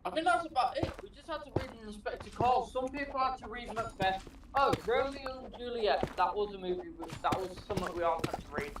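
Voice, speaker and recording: A man's voice: very high-pitched, lively intonation, brisk. English guy, casual rambling gamer chat, roomy echo, distant and noisy mic.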